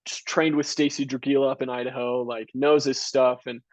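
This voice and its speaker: A college track coach of about thirty answers interview questions casually and earnestly, scattering "you know" and "like" throughout. His mid-range voice is flat and brisk. The audio is dry and of poor quality.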